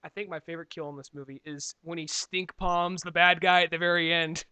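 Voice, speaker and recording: High, bright-voiced young man joking around. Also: level tone, smooth. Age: 20s. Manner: joking, profane, quick to laugh. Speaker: podcast co-host. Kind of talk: casual movie chat.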